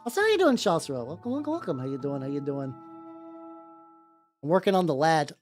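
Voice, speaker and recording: A woman streamer chatting casually as she paints miniatures, rambling and blunt, full of fillers and swearing, pausing to greet her chat viewers. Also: low-pitched, sing-song, darkish tone. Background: faint background music.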